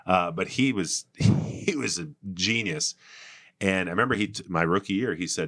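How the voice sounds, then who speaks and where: Man, middle-aged, very low voice, earnest, rambling, podcast guest, dry sound. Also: normal speed, fairly bright tone, breathy edge, no room sound. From United States. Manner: earnest, rambling, many fillers and restarts. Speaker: political candidate and guest. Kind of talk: casual podcast conversation.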